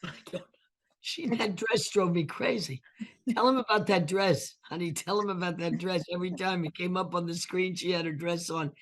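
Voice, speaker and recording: An older woman, a guest actress, chatting in an interview with a husky voice, acting out the voices of people in her stories. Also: fairly low pitch, moderate pace. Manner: animated storyteller who acts out quoted voices. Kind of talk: casual interview chat.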